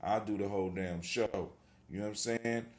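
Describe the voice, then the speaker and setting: A man's voice: on the low side, fairly even intonation, moderate pace, reverberant. A man hosting a call-in talk show, talking in a casual, rambling and motivational way, repeating his phrases. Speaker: host.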